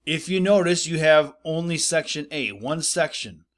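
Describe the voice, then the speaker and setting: A man's voice: a little high, animated, normal speed. A man teaching a recorded spelling lesson to schoolchildren, explaining patiently, repeating points and checking in with "right?".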